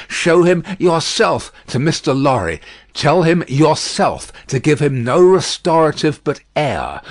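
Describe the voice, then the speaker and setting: A man's voice: mid-range voice, dry recording, lightly acted. A man reading an audiobook, voicing a desperate, commanding man in a prison cell who speaks urgently and sternly.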